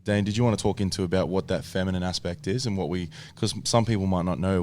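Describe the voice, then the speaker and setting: A man's voice: sits low, fairly even intonation, fast talker, darkish tone. A man hosting a casual podcast chat, steering the talk with long, open questions. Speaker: podcast host. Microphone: headphones and studio mic.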